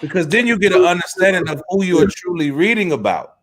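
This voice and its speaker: A man's voice: high voice, expressive, quick pace, a loud crowd. A man leading a casual scripture discussion with preaching emphasis.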